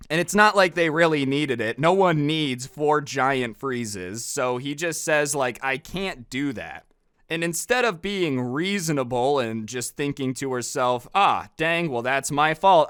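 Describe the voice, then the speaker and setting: A man's voice: medium pitch, a bit bright, clean tone, no echo, studio quality. A man telling a storytime in a casual, sarcastic, conversational way. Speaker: storytime narrator.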